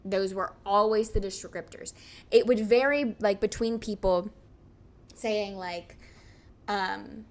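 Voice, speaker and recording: Young woman, casual podcast co-host, animated storyteller, filler-heavy. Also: medium pitch, slow pace. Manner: animated, laughs often, many fillers.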